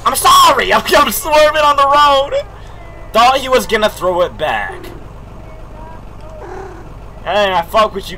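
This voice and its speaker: A young man streaming a game, talking loudly and excitedly in jokey slang, swearing often and reacting out loud. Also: high-pitched, slight background noise. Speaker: gaming streamer. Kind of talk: live gameplay commentary.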